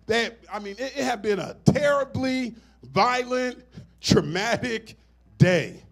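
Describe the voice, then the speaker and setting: A fairly high-pitched middle-aged man delivers a sermon as pastor. He builds phrases to a swell and breaks off into casual asides to the congregation. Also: takes it slowly, vocal fry. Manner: preaching with rising, swelling emphasis and call-and-response asides.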